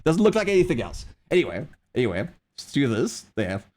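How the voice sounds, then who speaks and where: A man's voice: medium pitch, sing-song, fairly quick, darkish tone. A man streaming live while drawing, chatting casually and telling a story in a rambling way with many restarts. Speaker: livestreamer.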